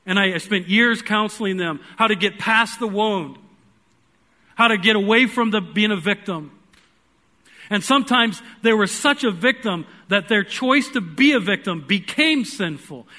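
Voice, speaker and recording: A man with a high-pitched voice and lively intonation preaches at normal speed in a church, sharing a personal story earnestly. He shifts back and forth between loud pleading and hushed quiet.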